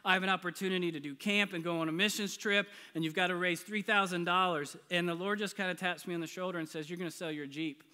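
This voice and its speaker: A man's voice: sits high, fairly even intonation, fast, hardly any pauses, pushed and bright, clean tone. A middle-aged man preaching a storytelling sermon, humorous and self-deprecating, often laughing at himself. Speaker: pastor. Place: large church sanctuary. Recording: reverberant church hall.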